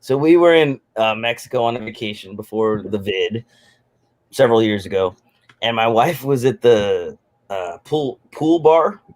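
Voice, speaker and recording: A man's voice: mid-range voice, animated, moderate pace, a little mellow. A man in his forties spins a rambling story in loose, casual chat. He jokes freely and pokes fun at himself, talking over a video call. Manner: rambling, jokey, self-deprecating. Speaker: guest on a live stream.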